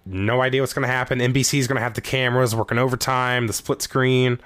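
A man co-hosting a podcast in casual, jokey chat, his voice jumping up when he gets excited. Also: quick pace, dry recording, studio quality. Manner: animated, jokey, pitch jumps up when excited. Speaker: podcast co-host.

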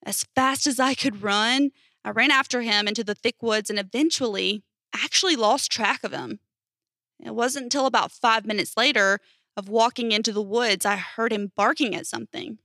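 A woman's voice: on the high side, normal speed, sharp tone, dry recording. A woman reading strange first-person stories aloud in a casual storytelling manner, with emphatic swearing. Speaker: narrator reading posts.

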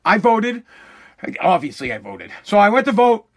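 A man, hosting a casual rant monologue in a profane, animated way, repeating himself as he goes. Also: high-pitched, normal speed. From Massachusetts.

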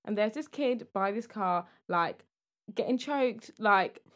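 A woman's voice: medium pitch, expressive, slow, fairly bright tone. A woman co-hosting a casual chat, telling stories with lots of "like" fillers. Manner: storytelling with many "like" fillers. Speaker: podcast co-host.

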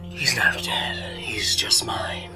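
A towering electric creature villain, voiced by a man hisses in a whispered role-play, the breathy sound tingling with menace. The voice is low, sharp and drawn out. Each word creeps close and cold. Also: slow, faint music behind. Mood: gloating.

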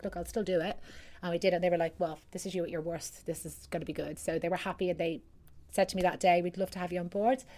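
Fast-talking chatty Irish woman. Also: fairly low pitch, darkish tone. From Ireland. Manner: chatty, rambling storyteller with many restarts. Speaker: guest singer. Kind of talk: casual chat.

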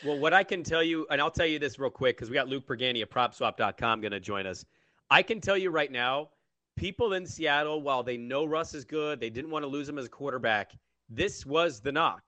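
A man's voice: medium pitch, animated, a little fast, sharp tone, dry recording. A man hosting a sports talk show, bluntly mocking what he has just heard. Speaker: radio sports host.

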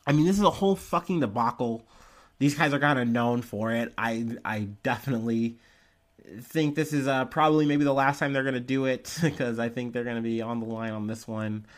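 A man's voice: medium pitch, fairly quick. Rambling man hosting a podcast. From Ohio. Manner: rambling, profane, with frequent fillers and laughs. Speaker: podcast host. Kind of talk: casual news commentary.

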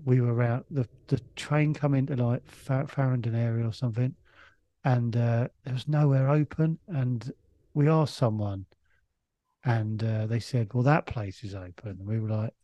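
A man's voice: medium pitch, warm tone, no room sound, highs cut off. A man, a comedian guest on a podcast, telling a long stop-start anecdote with plenty of swearing and restarts.

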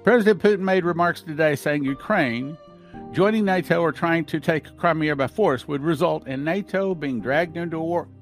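A man's voice: on the high side, normal speed, faint music behind. A man hosting a podcast, reading news and scripture aloud and commenting on it with emphatic, repeated points. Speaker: podcast host.

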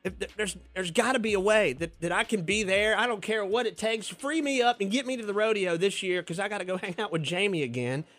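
Excitable high-voiced radio host, a man. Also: brisk, hardly any pauses. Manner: excitable and playful, laughs often. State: out of breath. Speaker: radio morning show host. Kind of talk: casual radio chat.

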